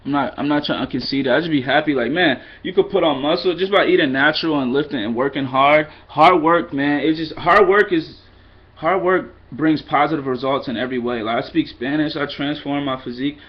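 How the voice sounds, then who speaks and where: A man's voice: fairly high pitch, brisk, slightly rough, highs cut off. A man giving a loose, rambling vlog lesson, mixing in Spanish phrases and poking fun at himself. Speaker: vlogger teaching Spanish.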